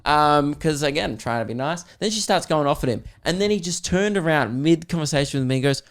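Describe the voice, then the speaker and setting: Swearing Australian comedian telling a story. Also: male voice, on the high side, fairly quick. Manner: animated, swearing, rambling. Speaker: comedian and podcast host. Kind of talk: casual storytelling.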